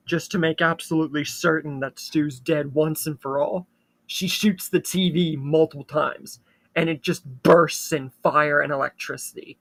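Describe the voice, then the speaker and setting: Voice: medium pitch, a bit bright. A channel host casually retelling a fan-made horror story, with loose fillers between plot beats.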